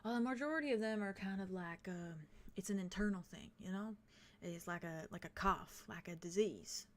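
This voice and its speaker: A woman's voice: mid-range voice, moderate pace, close to an everyday voice. A woman voicing a friendly male android hospital caretaker with a put-on Southern accent, polite and hospitable in a tabletop game. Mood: chatty.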